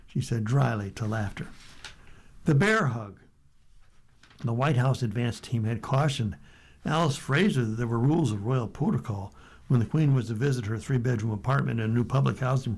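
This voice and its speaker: American guy reading newspaper stories on a radio reading service, mid-pitched voice, steady and unhurried. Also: poor audio. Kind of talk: reading newspaper articles aloud.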